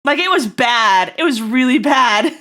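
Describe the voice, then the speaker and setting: A woman streamer in casual live-stream chat, rambling and breaking into loud laughter, her throat getting tickly. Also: high voice, animated, unhurried.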